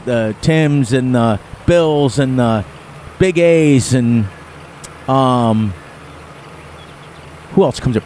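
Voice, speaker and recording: A man's voice: medium pitch, a little mellow, a little hiss or hum. A middle-aged man chatting to his viewers during a live game stream. He rambles in a folksy way and laughs often. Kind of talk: casual rambling chat to viewers.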